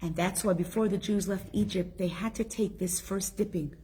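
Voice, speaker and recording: Middle-aged woman giving a torah class, kinda husky voice, emphatic storyteller. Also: mid-range voice, fairly even intonation, moderate pace, warm tone. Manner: emphatic storytelling with rhetorical questions. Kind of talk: spoken Torah lesson.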